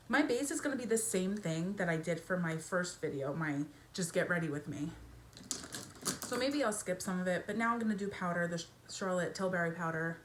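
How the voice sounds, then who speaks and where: A woman's voice: fairly low pitch, a bit bright, a little hiss or hum. A young woman chatting casually while doing her makeup in a get-ready-with-me video, with lots of fillers and a self-conscious, giggly way of talking. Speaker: beauty vlogger. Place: home bedroom with family noise downstairs.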